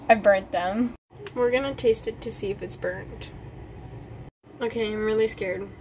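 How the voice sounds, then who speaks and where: A woman's voice: medium pitch, steady tone, measured pace, darkish tone. A young woman narrating a casual cooking vlog in a chatty, nervous, giggly way. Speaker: vlogger. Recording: noisy home recording.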